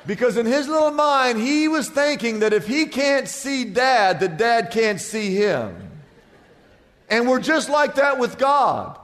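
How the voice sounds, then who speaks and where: A male pastor delivers a sermon, mixing scripture with jokes and stories and asking the crowd for amens. His voice sits high for a man. The sound carries a long hall reverb. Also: big pitch swings, slow pace, fairly bright tone. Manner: humorous storytelling preacher, asks the congregation for amens.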